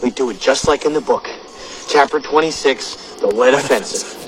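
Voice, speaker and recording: An actor playing an earnest, anxious young soldier in a film comedy. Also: male voice, mid-range voice, normal speed, noisy background, natural voice.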